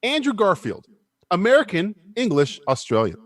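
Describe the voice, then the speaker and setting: A man's voice: high voice, wildly swooping pitch, normal speed. Rowdy joking man hosting a stream. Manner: rowdy, joking, swears freely, stammers and restarts. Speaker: podcast host running a quiz game. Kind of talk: casual profane livestream banter.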